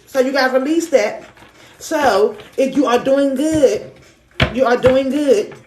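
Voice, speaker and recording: A woman's voice: high voice, unhurried, reverberant, over music. A woman reading tarot on a live stream, affirming and repeating herself in casual, slangy talk. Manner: affirming, repetitive, chatty with slang. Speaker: spiritual reader on a live stream. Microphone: phone on a live stream.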